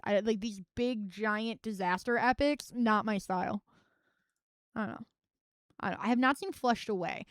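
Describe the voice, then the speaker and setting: A woman's voice: medium pitch, normal speed, dry recording, studio quality. A young woman streaming live, chatting casually and wryly about films, rambling and swearing freely. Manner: rambling, profane and wry.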